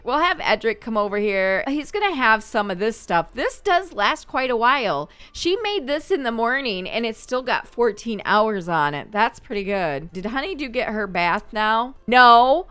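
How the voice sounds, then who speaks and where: Brief: woman game host, bright crisp voice, chatty play-by-play commentary. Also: fairly high pitch, lively intonation, faint music behind. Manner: chatty, thinking aloud, quick to laugh. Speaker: gaming channel host. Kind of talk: gameplay commentary.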